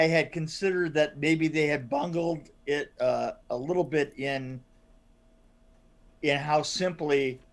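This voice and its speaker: A man with a slightly raised pitch talks casually as a podcast co-host. He stumbles through his sentences with restarts and "uh"s, and he laughs easily. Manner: halting, many fillers and restarts, laughs often. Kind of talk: casual chat.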